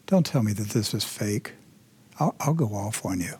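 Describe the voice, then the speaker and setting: Husky-voiced man ranting indignantly. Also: fairly low pitch, lively intonation, moderate pace. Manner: indignant, swings from loud ranting to hushed emotional. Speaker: host. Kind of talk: opinionated commentary show.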